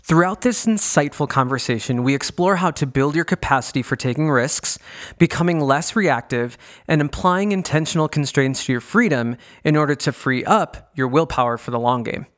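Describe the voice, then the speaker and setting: A man's voice: a little high, lively intonation, moderate pace. Welcoming male podcast co-host. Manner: warm, welcoming, inviting. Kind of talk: scripted podcast intro.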